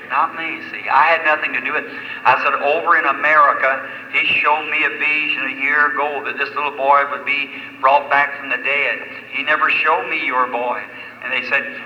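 A man's voice: medium pitch, steady tone, moderate pace, a little hiss or hum. A man preaching a sermon, telling a story in a folksy way that rises into fervent exhortation. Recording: old lo-fi echoey hall recording.

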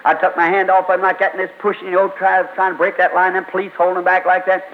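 A man's voice: sits high, monotone, quick pace. A man preaching a revival sermon in a fervent, emphatic, rhythmic way, mixing teaching with a story he tells from the pulpit. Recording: dull lo-fi old sermon tape.

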